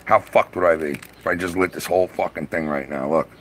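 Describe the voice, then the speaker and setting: Profane, rambling middle-aged man, low voice. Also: fairly even intonation, brisk, fairly bright tone, a little hiss or hum. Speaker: live streamer. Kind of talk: casual live-stream chat.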